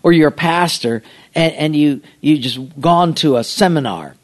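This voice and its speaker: A middle-aged male pastor telling a humorous, self-mocking anecdote in an animated storytelling way. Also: a little high, moderate pace.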